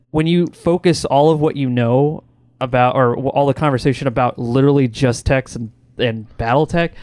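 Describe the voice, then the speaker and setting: A man's voice: mid-range voice, no room sound. A man co-hosting a podcast, talking loosely with lots of repeated words and restarts. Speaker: podcast co-host. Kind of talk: casual podcast chat.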